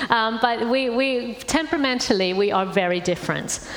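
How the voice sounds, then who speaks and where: A woman's voice: on the high side, normal speed. Woman preaching in an echoey hall. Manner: warm conversational preaching with many fillers. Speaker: guest speaker. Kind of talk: sermon talk. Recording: echoey hall, faint ambience.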